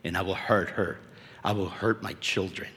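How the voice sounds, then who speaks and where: A man preaching a sermon at a conference, animated and conversational, dropping casual slang as he talks to the crowd. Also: low voice, moderate pace. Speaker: conference speaker. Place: conference hall. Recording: echoey hall reverb.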